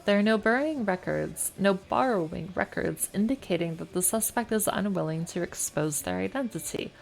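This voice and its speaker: A woman from the United States streaming a game, reading its text aloud in a calm, measured way and chatting casually between passages. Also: medium pitch, vocal fry.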